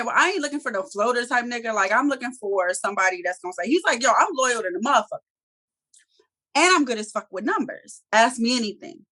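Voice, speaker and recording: A woman co-hosting a review show in casual chat, talking in an animated, profane way and acting out characters' lines. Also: medium pitch. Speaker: TV review podcast co-host.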